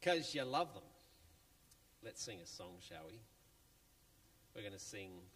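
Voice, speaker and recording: A man tells a children's Bible story in church in a playful, chatty, animated way. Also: on the low side, slow pace, long pauses. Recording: long church reverb, faint music.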